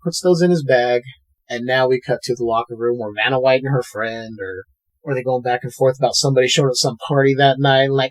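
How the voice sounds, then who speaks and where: A man co-hosting a podcast, casually recapping a film scene by scene and acting out characters' lines in quick put-on voices. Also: mid-range voice. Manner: retells scenes with animated quoted voices. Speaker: podcast co-host. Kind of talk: casual movie recap chat.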